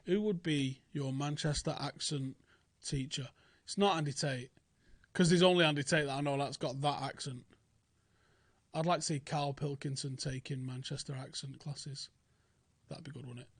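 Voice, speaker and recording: A man's voice: fairly high pitch, moderate pace, dry recording. A young man, hosting casual football transfer talk, blunt, sweary and often incredulous. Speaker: football channel host.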